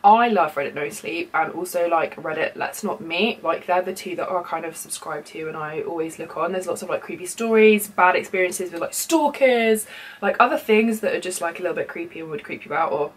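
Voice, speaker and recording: A woman's voice: fairly low pitch, a little fast, husky, poor audio. A young woman in her twenties, chatting casually on her vlog and then reading a creepy story aloud, rambling with lots of likes and ums. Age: 20s. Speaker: beauty YouTuber.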